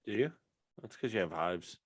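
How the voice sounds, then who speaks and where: A man's voice: on the low side, lively intonation, moderate pace, crowd noise. A man co-hosting a comedy show over a remote call, tossing short wisecracks and teasing remarks into the banter. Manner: wisecracking interjections. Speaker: co-host.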